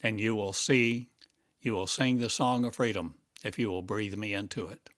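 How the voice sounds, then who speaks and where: A man giving a channeled spiritual monologue as a teacher, speaking in drawn-out phrases and asking one rhetorical question after another. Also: on the low side, a bit bright, no room sound, clean studio sound.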